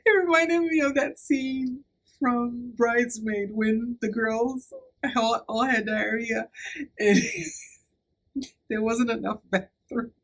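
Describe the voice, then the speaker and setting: A young woman vlogger casually telling a personal story to camera, animated and laughing as she acts out what people said. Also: on the high side, slow pace. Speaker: beauty vlogger.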